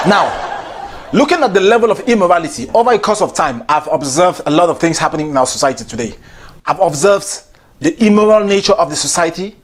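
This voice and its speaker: A comedian host delivering a playful comic monologue and often laughing through his lines. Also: high voice. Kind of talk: stand-up style comic monologue.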